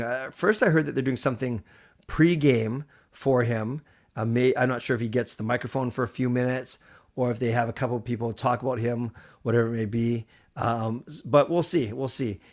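A man hosting a casual live stream, chatty and rambling, thanking viewers as he goes. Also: mid-range voice. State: recovered from a cold. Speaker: livestream host.

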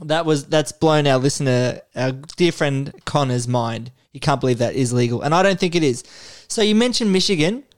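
Playful quizzing podcast host. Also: male voice, a little high, animated, normal speed. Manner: playful, swearing, uses "mate". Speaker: podcast host running a quiz. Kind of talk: casual chat.

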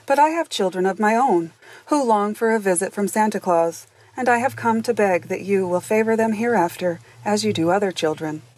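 A woman's voice: medium pitch, moderate pace, darkish tone, close to an everyday voice. A woman reading the lines of a humble young nobleman who earnestly asks a favor, in a storybook narration. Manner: earnest, respectful plea. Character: humble young male baron, a nobleman and father.

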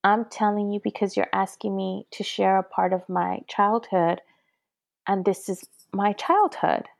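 A middle-aged woman talks earnestly in a casual conversation, her voice carrying a gravelly edge. The recording is dry, with almost no room sound. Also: mid-range voice, unhurried, no echo. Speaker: guest, mother.

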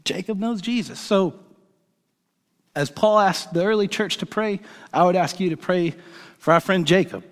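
A male pastor preaching a sermon and telling a story, animated and excitable, acting out the dialogue as he goes. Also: high-pitched, measured pace, pauses often. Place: church sanctuary. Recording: long hall reverb from the church.

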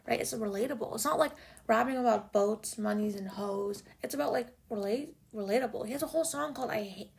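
A young woman chatting casually as a music vlogger, gushing like an excited fan. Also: a little high, a little fast, vocal fry, hardly any pauses. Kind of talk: casual chat.

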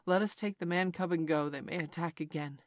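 Lady doing a stern panther guy, dry clipped voice, lowish pitch. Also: fairly quick, no echo, natural voice. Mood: weary. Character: proud male black panther, dry and stern.

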